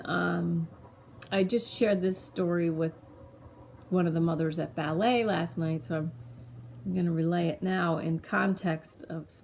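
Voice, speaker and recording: Gravelly low-voiced woman telling a story. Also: darkish tone, a little hiss or hum. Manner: rambling, loose and conversational, often circling back to restart a thought. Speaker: mother sharing a parenting story. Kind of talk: casual personal storytelling to camera.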